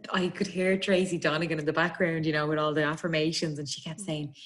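A woman with an Irish accent, telling a personal story in a quick, chatty way, laughing often and acting out bits of dialogue. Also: sits low, level tone. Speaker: guest telling her birth story. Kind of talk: casual storytelling.

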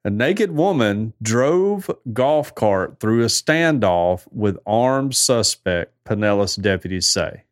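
A man's voice: lowish voice, animated, slow pace, few pauses, dry recording, studio quality. A man hosting a casual podcast, reading odd news stories aloud and riffing on them with chuckles. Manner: laid-back, chuckling, reads headlines then riffs. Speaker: podcast host.

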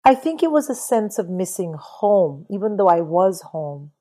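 Animated middle-aged woman guest. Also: mid-range voice, normal speed, husky, poor audio. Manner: animated, swears, mimics people in quotes. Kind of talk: casual interview talk about books.

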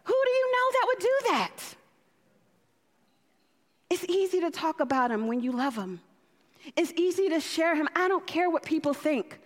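Woman preacher, high voice, fervent and exhorting, repeats phrases, echoey church hall. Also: big pitch swings, normal speed, pauses often. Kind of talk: sermon.

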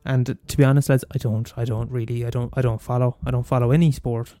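A man's voice: medium pitch, flat delivery, fast, warm tone, dry recording, studio quality. A man from Limerick with a Limerick Irish accent, ranting in a comedic monologue, profane and exasperated, often restarting and repeating himself. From Limerick, Ireland.

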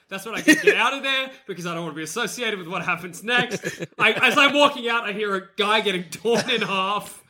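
A man co-hosting a comedy podcast, animated and laughing often as he jumps into bits. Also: high-pitched, fairly quick, hardly any pauses. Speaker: podcast co-host. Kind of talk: casual comedic chat.

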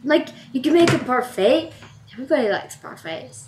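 A woman's voice: sits high, sing-song, a little fast, background noise. A woman playing a tabletop game, chatting in a giggly, playful way. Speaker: player.

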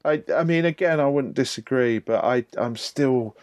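A man hosting a film podcast in a mid-pitched voice. He jokes, sounds baffled, and stresses his words. The recording is dry and close to the mic. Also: moderate pace, a little mellow, no echo. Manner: jokey, incredulous, emphatic. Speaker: podcast host. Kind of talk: casual film discussion.

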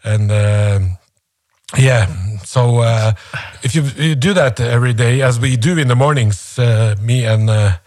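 A man's voice: medium pitch, measured pace, a little mellow, dry recording. A man co-hosting a playful comedic podcast, teasing his partner and hesitating with lots of fillers. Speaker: podcast co-host.

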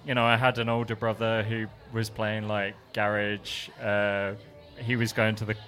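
A man's voice: lowish voice, level tone, normal speed, a bit bright. An English man, a music producer guest, chatting casually on a live podcast with a rambling, self-mocking manner and frequent laughs. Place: live podcast in a bar venue.

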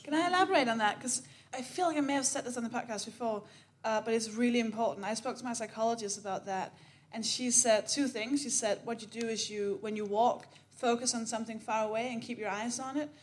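Chatty woman co-host, higher voice. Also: fast. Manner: chatty, trails off with laughs. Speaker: podcast co-host. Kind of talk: casual on-stage chat. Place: live show venue.

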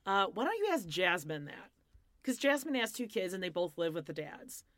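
A woman's voice: on the low side, moderate pace, no echo, clean studio sound. Chatty woman in her fifties. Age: 50s. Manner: animated, acts out quotes, swears casually. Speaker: podcast co-host. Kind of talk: casual chat recapping a reality show.

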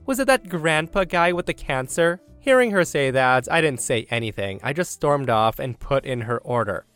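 A man hosting a show, reading Reddit stories aloud as an animated, excitable storyteller. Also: medium pitch, clean tone. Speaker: host. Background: faint background music.

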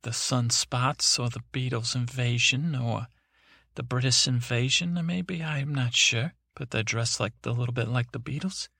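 A man's voice: mid-range voice, gravelly, fairly bright tone, dry recording, clean studio sound. An older man hosting a podcast, telling a meandering, digressive story to help listeners fall asleep. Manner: meandering, digressive, self-talking. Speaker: podcast host. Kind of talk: slow rambling sleep storytelling.

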